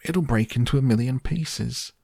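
A man voicing an excitable, fearful old grandfather in a storybook reading, crying out in high, cracking shouts. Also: unhurried, husky, no echo, studio quality, full character voice. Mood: alarmed.

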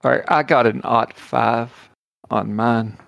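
Gravelly man at a game table. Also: mid-range voice, slow pace, no room sound. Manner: relaxed, joking, laughs easily. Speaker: player. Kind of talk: casual chat at a game table.

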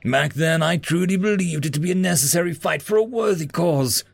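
A man's voice: a little high, vocal fry, slightly rough, no room sound, faint music behind, pitched above the performer's own voice. A man playing a hesitant, weary soldier. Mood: reflective. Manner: halting, hesitant, subdued.

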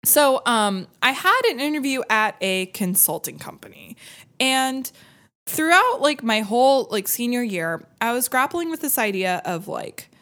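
A young woman tells a story in a casual chat, her fairly high voice swinging widely in pitch. She laughs through the lines and acts out what she and others said, with plenty of fillers. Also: sing-song, unhurried, fairly bright tone. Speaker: guest telling a story.

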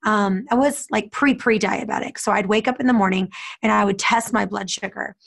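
A woman in casual conversation, speaking animatedly and acting out quoted people in a higher voice. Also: fairly quick, creaky. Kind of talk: casual chat.

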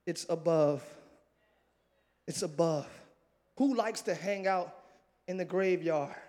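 High-voiced man preaching with shouts. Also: slow. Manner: swings from shouting to quiet, jokes with the congregation; bursts into shouts and ecstatic exclamations. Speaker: pastor. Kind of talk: energetic preaching sermon. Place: large church sanctuary with congregation.

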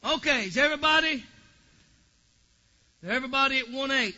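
A man preaching a fervent Pentecostal sermon, swinging from quiet asides to shouted praise. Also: very high-pitched, normal speed, dull audio.

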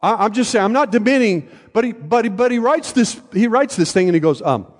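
A man's voice: high voice, expressive, fairly quick, in a large hall. An older man preaching a sermon from a church pulpit, conversational, with joking asides and frequent check-ins with the congregation. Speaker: pastor. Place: church sanctuary.

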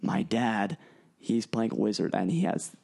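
A man's voice: lowish voice, sing-song, a little slow, creaky, a little mellow, breathy edge. A young man talking casually about running tabletop games, rambling with many fillers and restarts. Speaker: game master guest. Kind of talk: casual chat.

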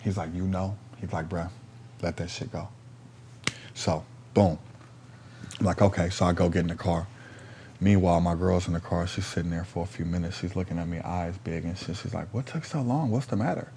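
A man telling a story in a casual, animated way, full of slang and profanity, repeating lines for emphasis. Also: deep voice, moderate pace, a little hiss or hum.

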